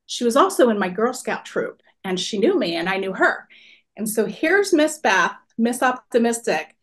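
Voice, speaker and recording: A woman in her forties telling a personal story to a workshop audience in an animated, expressive way. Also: fairly high pitch, moderate pace. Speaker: workshop speaker.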